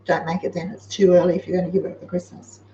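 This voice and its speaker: A woman's voice: lowish voice, little pitch movement, fast talker, dark tone, far from the mic. Chatty Australian woman hosting, roomy sound. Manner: chatty, practical, giving homely advice. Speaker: host. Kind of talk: casual live-show chat. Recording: roomy, slightly dull sound with faint noise.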